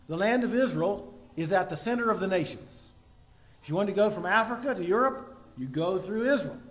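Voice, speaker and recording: A man with a high voice preaching a sermon. He poses rhetorical questions to his listeners and punches key words with sudden loud bursts.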